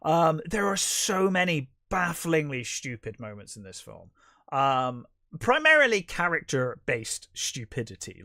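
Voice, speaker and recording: Here a podcast co-host chats casually about a movie, his review wandering until it turns exasperated and bluntly critical, often restarting sentences partway. His slightly high voice swings widely in pitch at a moderate pace, sounding bright and forceful in a clean, echo-free studio recording.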